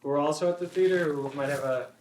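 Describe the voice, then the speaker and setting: An actor playing an uneasy, stammering interviewer in a comic short film. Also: male voice, fairly high pitch, fast, a little mellow, slight background noise, close to an everyday voice. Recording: roomy echo.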